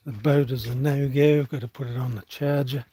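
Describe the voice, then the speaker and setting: A medium-pitched, husky male voice with a dark tone and fairly even intonation speaks a little fast. He's a New Zealand livestream vlogger out on farmland, casually rambling on his phone stream and swearing offhandedly while thinking aloud.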